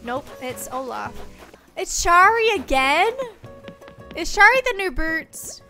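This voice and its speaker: Excitable high-voiced woman streamer. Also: slow. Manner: excitable, gasping and squealing at each new reveal. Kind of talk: casual game livestream chat. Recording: game music playing behind.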